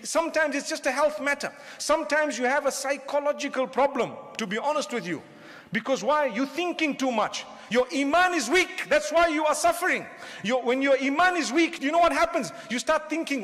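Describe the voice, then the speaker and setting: Man, preacher, humorous sermon, very high voice, long hall reverb. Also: fairly quick, fairly bright tone. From southern Africa. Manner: humorous, addresses the crowd with questions.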